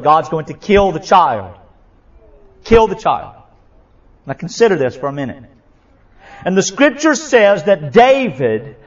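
Impassioned preacher, high voice. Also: male voice. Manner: impassioned, repetitive, swings from loud to hushed. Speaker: pastor. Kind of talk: sermon. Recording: dull lo-fi sound.

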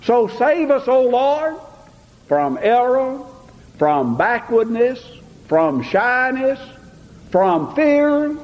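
An older preacher with a high, bright voice tells homespun stories and builds to fervent preaching. The sound is dull and lo-fi, and it echoes with the long reverb of a hall. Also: male voice, sing-song, drawn-out words. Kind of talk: folksy sermon with anecdotes.

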